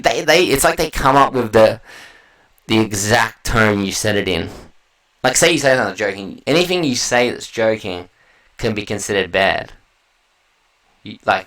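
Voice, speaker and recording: A man's voice: on the low side, fairly bright tone, rough recording. An Australian man hosting a solo podcast, talking in a loose, rambling way with slang and heavy swearing. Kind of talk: casual rambling monologue.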